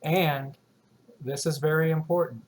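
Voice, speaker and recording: Slow, deliberate male teacher. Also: on the high side, fairly even intonation. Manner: explains slowly and deliberately, reads example sentences aloud. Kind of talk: recorded writing lesson.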